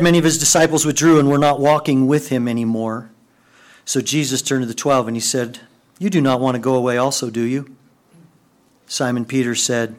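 A man preaching a sermon, moving between quiet, hushed passages and excited, raised outbursts. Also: medium pitch, brisk. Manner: animated, swings from hushed to excited. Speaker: pastor.

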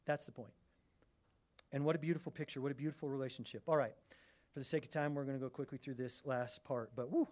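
A middle-aged man preaching a sermon, animated and conversational, often restarting his phrases. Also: medium pitch. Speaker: pastor.

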